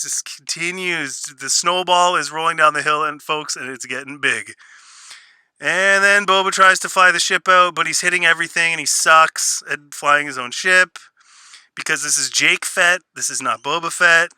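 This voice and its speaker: Sarcastic man with a bright, tense voice. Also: fairly high pitch, normal speed, clean tone, no room sound. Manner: sarcastic, exasperated, mocks lines in put-on voices. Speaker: show reviewer. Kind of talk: ranting spoiler review.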